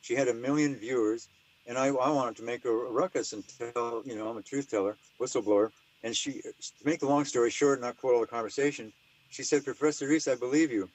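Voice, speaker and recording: An older man talks as an interview guest in a mid-pitched voice. He rambles and stresses his points hard, jumping from one claim to the next. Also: poor audio. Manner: rambling, emphatic storyteller. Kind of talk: casual interview talk.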